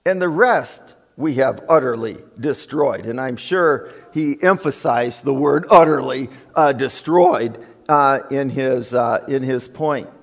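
A man preaching a sermon in a church, emphatic and deliberate, with frequent fillers. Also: mid-range voice, vocal fry. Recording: long reverb of a hall.

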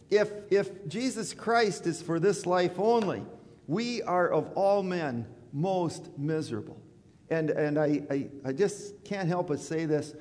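A man preaching a sermon in a church, conversational and animated, acting out quoted voices. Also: a little high. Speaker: pastor. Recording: church hall reverb.

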